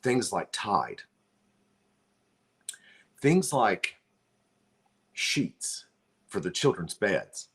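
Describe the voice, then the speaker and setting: A man's voice: on the low side, very animated, extremely slow, pauses often, fairly bright tone. A man hosting a livestream, making an earnest, pleading charity appeal while fighting back tears. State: close to crying. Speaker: livestream host.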